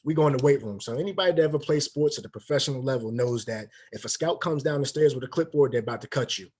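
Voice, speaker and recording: Guy in his thirties telling stories fast, kinda husky, acts out all the dialogue. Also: medium pitch. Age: 30s. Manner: animated storyteller, acts out quoted dialogue. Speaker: guest, former football player. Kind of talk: casual storytelling interview.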